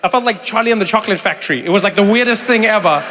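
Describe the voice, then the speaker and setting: A South African man in his thirties works the crowd from a theater stage. His voice is high and bright, and it keeps breaking into loud impressions. A long hall reverb and faint audience noise sit behind him. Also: racing. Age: 30s. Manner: animated, jumps into high shouted impressions. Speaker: stand-up comedian. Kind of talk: stand-up crowd work.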